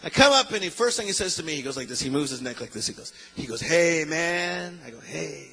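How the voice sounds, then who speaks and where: Husky animated male preacher. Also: mid-range voice, racing, rough recording. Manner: animated, acts out voices in his story, calls to the crowd. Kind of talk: sermon storytelling.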